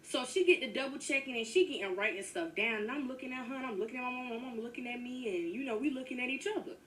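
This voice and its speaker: A woman's voice: high-pitched, fast talker. A woman narrates a personal story in a chatty, casual storytime way, talking straight to her listeners. She sounds a little far from the mic, with a faint hiss behind her. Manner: chatty, addresses listeners as y'all. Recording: distant mic with faint noise.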